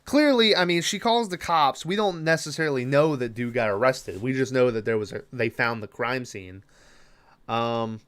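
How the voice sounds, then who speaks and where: Male podcast host, casual rambling recap, animated pitch, many ums and restarts. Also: moderate pace, smooth. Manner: rambling, full of fillers and restarts.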